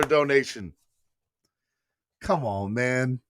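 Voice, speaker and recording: The host of this live fan morning show has a fairly low, fairly bright voice and an unhurried delivery. He rambles with emotion as he reads viewers' comments and thanks them during a casual stream, recorded dry and clean in a studio.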